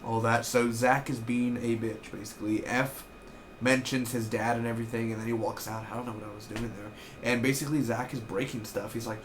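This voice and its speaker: A young man in his twenties casually recapping a TV episode, rambling and excitable, swearing freely. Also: mid-range voice, fairly quick, slight background noise. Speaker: TV episode reviewer.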